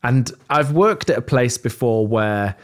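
A man's voice: medium pitch, unhurried. Wry British man chatting. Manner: wry, joking, animated storyteller. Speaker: podcast guest. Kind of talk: casual tech chat.

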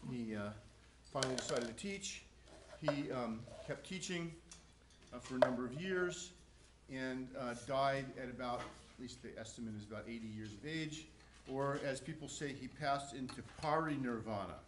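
A male professor gives a casual lecture, full of ums and quick restarts. His voice sits at a middle pitch and sounds roomy and echoey in the classroom. A faint hum runs underneath. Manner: casual, many fillers and restarts. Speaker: psychology professor.

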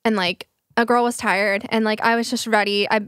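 Lively young woman telling a story. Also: a little high, moderate pace, no room sound, clean studio sound. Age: 20s. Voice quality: animated storyteller, acts out quotes, swears casually. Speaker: podcast host. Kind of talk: casual chat.

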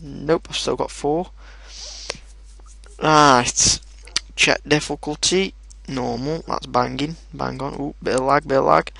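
A young man giving casual commentary over his own gameplay, excitable and swearing often, shouting at his in-game dogs. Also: medium pitch, takes it slowly, creaky. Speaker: gaming video host. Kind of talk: casual let's play commentary.

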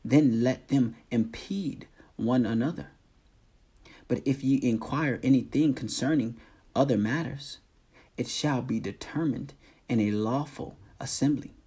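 A man reading the part of a town clerk calming a crowd, in a slow, measured, solemn manner. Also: mid-range voice, slightly rough. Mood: placating.

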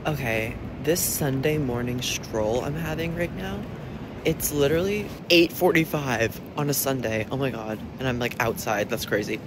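A man's voice: mid-range voice, normal speed, reverberant, background noise. A young man vlogging casually, dramatic and self-deprecating, gushing about things. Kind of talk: casual vlog chatter.

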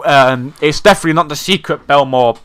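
A man's voice: fairly high pitch, fairly quick, fairly bright tone, smooth. A man hosting a chaotic comedy podcast, rambling through a story full of fillers and silly asides. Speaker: podcast host.

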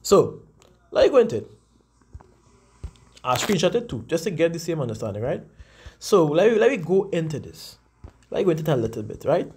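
A man giving a casual scripture lesson, talking conversationally and slowing down to read definitions aloud. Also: on the high side, very animated, a little mellow, a little hiss or hum. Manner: frequent fillers and restarts. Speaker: religious teacher.

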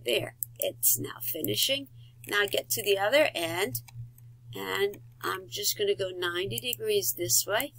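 A woman giving a step-by-step software tutorial, talking through each click with fillers and quick self-corrections. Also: mid-range voice, slight background noise, rough recording. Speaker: instructor.

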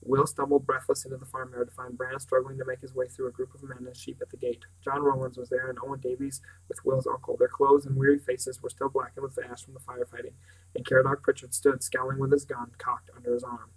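A man narrates a novel aloud in an audiobook reading, occasionally stumbling and restarting words. His mid-range voice is monotone and fast, and the audio quality is poor.

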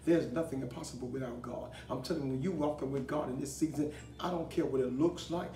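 A man preaching a broadcast sermon as an apostle, leading call-and-response and building to fervent, shouted declarations. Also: medium pitch, fast. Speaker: apostle and pastor. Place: studio desk setting. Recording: roomy echo, distant mic, faint hiss.

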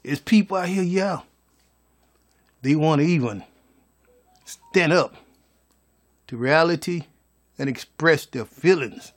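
A man's voice: a little high, slow, pauses often. A man giving a folksy, preachy motivational monologue as a vlogger.

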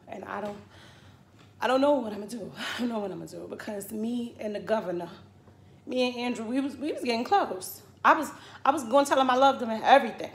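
A middle-aged woman chatting casually to camera from her home, sassy and animated, sliding from murmured asides into loud rants. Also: a little high, brisk. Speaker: vlogger. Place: at home indoors. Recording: echoey room with faint ambience.

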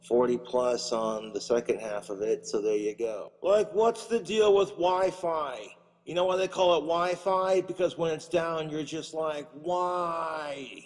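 A man's voice: medium pitch, a little mellow, in a large hall. A man doing a crude, profane stand-up comedy routine, ranting and putting on little voices.

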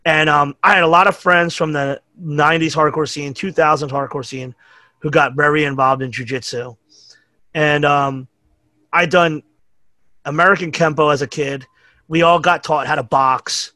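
A middle-aged New Yorker, appearing as a podcast guest, tells rambling, profane stories in a casual chat, acting out the quotes. His voice is fairly high and sharp with fairly even intonation at a moderate pace, and the recording is dry.

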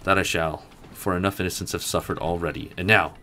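Dude reading as a solemn dojo master, grand and formal, fairly low voice. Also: male voice, fairly even intonation, pushed and bright, a little hiss or hum. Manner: grand, formal, measured delivery. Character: dignified male dojo master, solemn and noble.

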